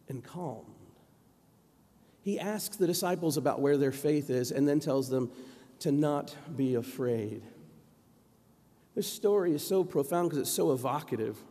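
A man preaching a sermon in a church sanctuary, telling stories in a relaxed, conversational way. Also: a little high. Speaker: pastor. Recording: long reverb of a church hall.

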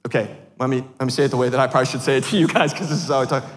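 A man in his thirties, a pastor preaching a sermon in a church, animated and self-deprecating, often laughing at himself. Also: mid-range voice, racing. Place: church sanctuary. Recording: long hall reverb.

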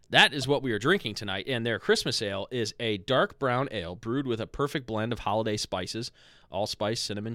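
Low-voiced man hosting a podcast. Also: no room sound, studio quality. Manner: relaxed, rambling, with fillers and self-corrections. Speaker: podcast host. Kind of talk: casual podcast chat.

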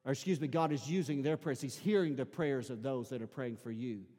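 A man with an Arkansas accent and a squeaky voice, a pastor preaching a sermon in a church, swinging between shouted preaching and quiet, intimate talk. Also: fairly quick, long reverb tail. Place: church sanctuary.

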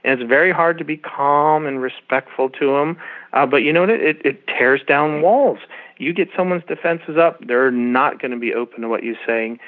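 A middle-aged man calls in as an interview guest, explaining at length in an earnest, preacherly way. His medium-pitched voice at moderate pace comes through a tinny phone line.

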